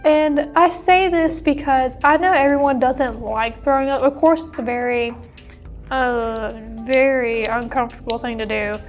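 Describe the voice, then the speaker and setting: A woman's voice: high voice, steady tone, measured pace, soft background music. A teenage woman co-hosting a podcast, chatting casually with frequent giggles and restarts. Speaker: podcast co-host. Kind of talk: casual chat.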